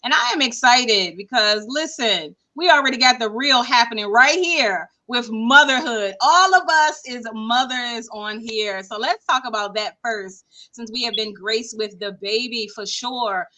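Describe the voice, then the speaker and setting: Bright-voiced woman podcast host. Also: on the high side, measured pace, few pauses. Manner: lively, conversational, upbeat. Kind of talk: casual panel chat.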